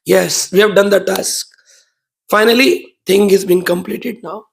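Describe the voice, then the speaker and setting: Male preacher, very high gravelly voice, animated storytelling sermon. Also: unhurried.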